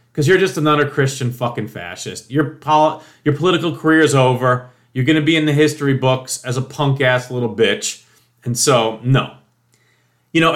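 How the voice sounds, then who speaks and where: A man's voice: a little high, a bit bright. A man delivering an indignant, profanity-laced political opinion monologue, emphatic and mocking. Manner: mocking quoted voices. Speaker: political commentator.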